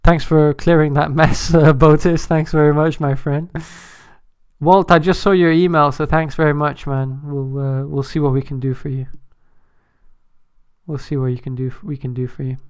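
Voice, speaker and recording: A man hosting a day-trading livestream, chatting and joking with viewers in an animated way. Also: on the high side, normal speed, clean tone, no echo, studio quality. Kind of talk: casual live-stream commentary.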